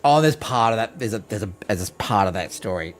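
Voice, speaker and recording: A man's voice: fairly low pitch, lively intonation, brisk, faint music behind. A man streaming live, telling a rambling, profane story with lots of restarts. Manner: rambling, swears freely, restarts a lot. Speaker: game streamer.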